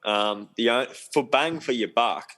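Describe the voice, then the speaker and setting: A young man, a professional sailor, chats casually as a podcast guest, laid-back and rambling with plenty of ums. His mid-range voice is a little slow with a sharp tone, and the audio is poor.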